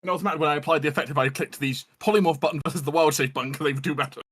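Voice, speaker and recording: A man narrating a tabletop role-playing game as game master, describing scenes in a relaxed way. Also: a little high, rapid-fire.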